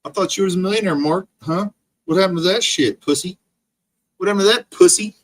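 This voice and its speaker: A man's voice: sits high, brisk, a little hiss or hum. A man streaming an angry, profane rant full of insults. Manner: profane, insult-laden ranting.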